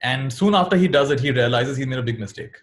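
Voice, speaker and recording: A man telling a dharma story to young listeners, his voice rising high and dropping low as he acts out each character's lines. He laughs softly at the funny turns and speaks in a warm, easy storytelling way. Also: fast. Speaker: monk giving a dharma talk.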